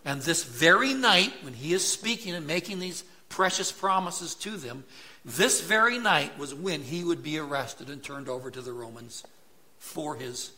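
A man's voice: a little high, animated, normal speed, pushed and bright. A middle-aged man preaching a sermon as pastor, in a conversational way, often checking in with "right?". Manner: conversational, tag questions like "right?".

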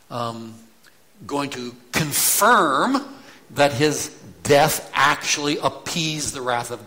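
A male pastor delivers a measured expository sermon, taking his time over each point. His voice is bright and forceful, and he briefly acts out quoted lines as he teaches. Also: medium pitch.

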